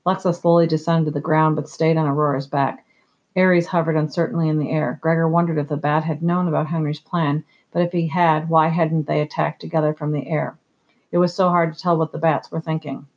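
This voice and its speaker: A steady, measured audiobook narrator with a gravelly voice at a middling pitch. The sound is slightly dull and muffled, like a modest home recording.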